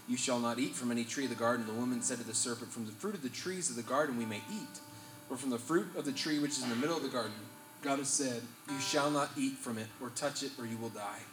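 A man preaching a sermon to a live gathering. He reads scripture aloud and builds to loud, emphatic peaks. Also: medium pitch. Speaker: pastor. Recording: roomy hall, distant mic, live guitar behind. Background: soft guitar playing.

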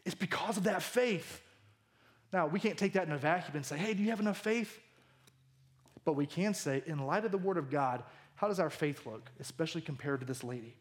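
A man in his thirties preaching a sermon, animated and jokey, acting out the lines he quotes. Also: a little high, brisk. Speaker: pastor.

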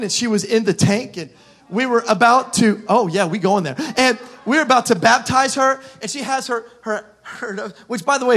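A man pastor, telling funny stories in a sermon to his congregation, animated and self-mocking, breaking into shouts as he acts out scenes. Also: very high-pitched. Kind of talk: humorous sermon storytelling. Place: church auditorium with live congregation.

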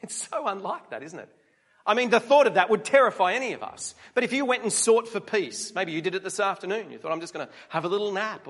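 Man, high voice, preaching a sermon, chatty, rhetorical questions. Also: fairly bright tone. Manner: conversational, asks the congregation rhetorical questions.

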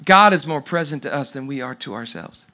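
A man's voice: mid-range voice, expressive, a little fast, sharp tone. A middle-aged man preaching a sermon, telling a story and dropping to a near whisper at tender moments. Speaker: pastor.

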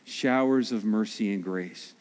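A man preaching a sermon as pastor, swinging between hushed slow appeals and loud animated asides. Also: fairly low pitch. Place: church sanctuary. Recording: long reverb of a large hall.

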